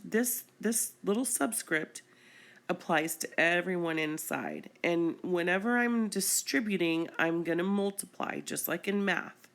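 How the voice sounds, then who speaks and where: A woman's voice: lowish voice, fairly bright tone. A woman chemistry teacher explaining a screencast lesson patiently, step by step.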